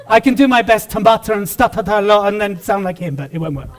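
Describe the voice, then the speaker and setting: A British man giving a lively motivational talk on stage to a live audience, joking with the crowd. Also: sits high, fast talker. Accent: British English. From Britain. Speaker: keynote speaker.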